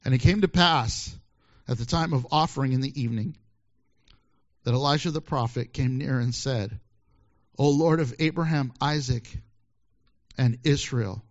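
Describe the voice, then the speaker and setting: A pastor preaching a sermon, lively and joking, acting out quoted voices as he reads scripture. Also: medium pitch, moderate pace, pauses often, muffled recording.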